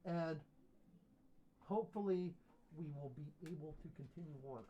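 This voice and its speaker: A man's voice: fairly high pitch, normal speed, pauses often, mellow, slight background noise. A man hosting a casual livestream call-in show, rambling and self-deprecating as he chats with viewers.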